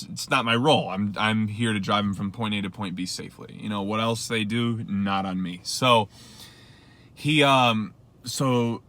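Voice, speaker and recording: A young man with a bright, forceful voice recounts a story in a loose, rambling way. He piles on fillers and acts out quoted asides as he talks to his viewers. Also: fairly low pitch. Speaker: rideshare driver vlogger. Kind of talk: casual storytelling to camera.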